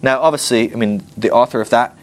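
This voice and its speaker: A man teaching a Bible class in a playful, animated way, acting out little scenes with humor. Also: mid-range voice, fast talker.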